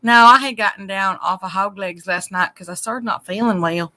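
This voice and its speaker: Bright-voiced Texas woman chatting. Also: mid-range voice, moderate pace, no echo. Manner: chatty and friendly. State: queasy and tired. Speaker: caller. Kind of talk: casual chat.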